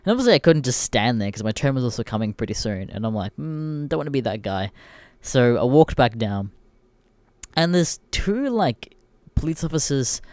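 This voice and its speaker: Slightly high with a darkish tone, this podcast host's voice carries no room sound. He has an Australian accent and tells stories in a casual rant, irreverent, blunt and swearing all the way.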